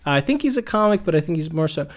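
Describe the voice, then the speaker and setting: A man hosting a podcast in relaxed back-and-forth conversation. He teases his co-host with dry, quick comebacks. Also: a little high. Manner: wry, teasing, quick comebacks. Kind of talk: casual chat.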